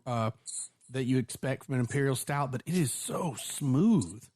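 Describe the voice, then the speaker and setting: A man's voice: mid-range voice, lively intonation, normal speed, darkish tone, dry recording. A man co-hosting a podcast in casual chat, gushing with enthusiasm. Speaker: podcast co-host.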